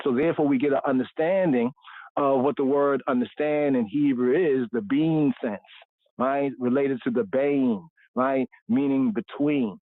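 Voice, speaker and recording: A man's voice: medium pitch, dry recording. A man hosting a livestreamed scripture study. He drags out and repeats Hebrew words and keeps checking in with "right?". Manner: drawn-out repetition of Hebrew words, frequent "right?" check-ins. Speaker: host teaching scripture and Hebrew. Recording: tinny phone-like line, dry.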